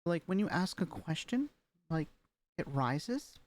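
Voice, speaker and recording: A voice training student streams as a vtuber from her home room, using a webcam microphone. Her lowish, darkish voice has a sing-song, unhurried quality, and the recording is dry. Between casual, filler-heavy chatter, she repeats practice sentences with rising and falling intonation.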